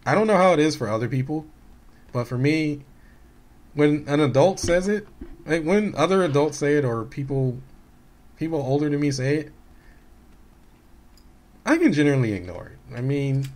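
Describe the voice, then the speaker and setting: A gaming YouTuber in his late twenties or thirties talks casually on his own channel in a slightly high voice. He rambles with many restarts and fillers, sounding candid and hurt as he recounts what others said.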